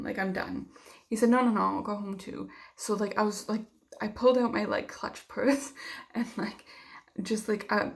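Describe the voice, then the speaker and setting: A woman's voice: mid-range voice, creaky. A young woman vlogging, telling a personal story in a heated, casual way with lots of swearing and filler words.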